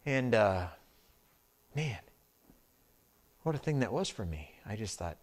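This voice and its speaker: A man's voice: on the low side, sing-song, slow. A man preaching as pastor at a church service. He tells a personal story in a loose, conversational way, with asides to the congregation and a habit of tacking on "and everything else.". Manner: repeats filler phrase "and everything else". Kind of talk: storytelling sermon.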